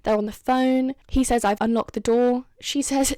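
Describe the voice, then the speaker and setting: A woman's voice: on the high side, fairly even intonation, normal speed, noisy background. A woman vlogging in a casual, chatty way, laughing often and acting out lines she quotes. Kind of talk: casual chat.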